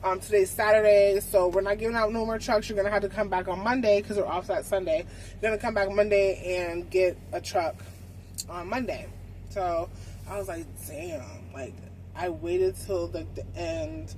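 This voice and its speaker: Young woman trucker, casual vlog storyteller, salty and animated, faint noise behind. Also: mid-range voice, normal speed, poor audio. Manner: animated, swearing, acts out conversations. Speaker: truck driver vlogger.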